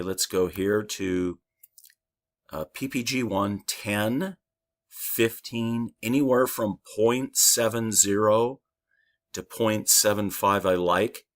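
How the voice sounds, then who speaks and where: A man recovering from a lost voice and sore throat, talking loosely through a software tutorial with many fillers. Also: low-pitched. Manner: loose, rambling, thinks aloud with fillers. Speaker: trading software instructor. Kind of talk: casual screen-share tutorial.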